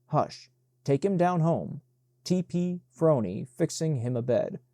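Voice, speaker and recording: A man reading the part of a firm elderly woman housekeeper who hushes the children, in a mellow, dry voice. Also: a little high, expressive, slow, no echo. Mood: firm, hushing.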